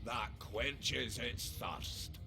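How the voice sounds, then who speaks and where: An actor playing a proud, jovial, boastful dwarf lord in a video game, speaking with a Scottish accent in a gravelly voice. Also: male voice, medium pitch, drawn-out words, bright, forceful tone, soft background music, exaggerated voice. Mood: hearty.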